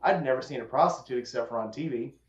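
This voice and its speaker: A man's voice: mid-range voice, fast. A man hosting a casual chat, telling a long story and acting out the quotes with a drawl. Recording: echoey room, dull lo-fi sound.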